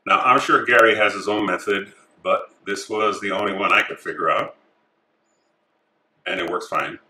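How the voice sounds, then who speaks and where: Low-voiced man teaching a knot, echoey room. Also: normal speed, a little hiss or hum. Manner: calm, talks through each step as he works. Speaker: craft tutorial host. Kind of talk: step-by-step instruction.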